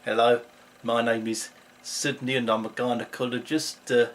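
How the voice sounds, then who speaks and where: A man's voice: medium pitch, flat delivery, normal speed, slight background noise, close to an everyday voice, rough recording. A man voicing a genial retired South African gynaecologist with a South African accent, chatty and cheeky.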